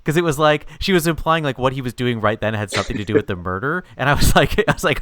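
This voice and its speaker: A man's voice: medium pitch, lively intonation, fast talker, few pauses, fairly bright tone, no echo. A man co-hosting a podcast, telling a rambling, amused story in casual chat. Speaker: podcast co-host.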